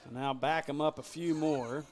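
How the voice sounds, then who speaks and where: A man calls a high school football game play by play, his voice sitting a little high. He jokes easily with his partner and lets his voice leap when the defense makes a big stop. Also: steady tone, moderate pace. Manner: jokey, laughs often, shouts big plays. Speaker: play-by-play announcer.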